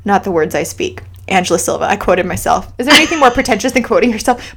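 A woman co-hosting a podcast, chatty and reflective, thinking out loud with lots of fillers. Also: a little high, lively intonation, fast talker, hardly any pauses. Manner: chatty, reflective, talks through her thoughts with fillers. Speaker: podcast co-host. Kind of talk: casual chat.

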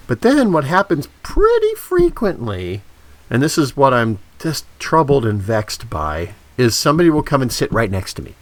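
A man's voice: medium pitch, huge pitch swings, normal speed, no room sound. A man co-hosting a podcast, telling stories in a hesitant, self-deprecating way with many restarts. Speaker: podcast co-host. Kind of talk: casual chat.

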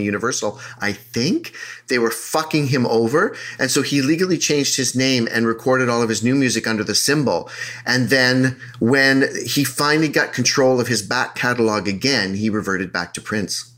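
A man's voice: medium pitch, a bit bright. A middle-aged man, co-hosting a podcast in chatty, blunt banter and swearing freely. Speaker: podcast co-host.

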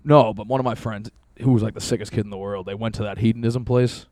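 A man's voice: lowish voice, fairly even intonation, fast talker, a little mellow, no room sound. A young man hosting a casual podcast, joking crudely in a laid-back way. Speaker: podcast host.

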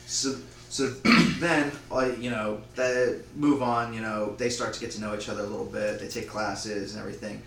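Man, low voice, casual rambling storyteller who slips into character voices; echoey room, distant mic, faint hum. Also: little pitch movement, vocal fry, fairly bright tone. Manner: rambling, acts out lines in quick voices. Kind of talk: casual retelling of a made-up movie plot.

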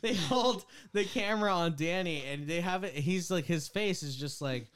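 A man's voice: high voice, moderate pace, a bit bright, clear, resonant tone. A man co-hosting a podcast, recapping a movie in casual chat and acting out lines in playful quoted voices. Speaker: podcast co-host.

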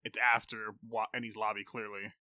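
A man's voice: lowish voice, level tone, normal speed, a crowd in the background. A man co-hosting a podcast in casual chat, making short dry joking remarks.

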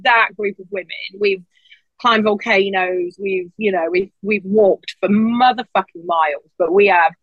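A woman chats casually on a podcast and tells her stories with energy, jumping up into a high voice whenever she quotes someone. The recording is dry and a little dull, with no room sound. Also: unhurried, no room sound. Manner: animated storyteller, acts out quotes in a high voice.

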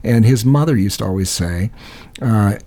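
A man's voice: fairly low pitch, expressive, moderate pace, dark tone. A man in casual chat, making dry, wry remarks with hesitant restarts.

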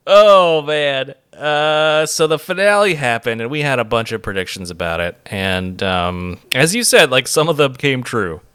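Guy cohosting a podcast, jokey, laughs a lot, bright lively voice. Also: medium pitch, unhurried, hardly any pauses, clean tone. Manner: joking, laughs often. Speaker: podcast co-host. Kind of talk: casual chat.

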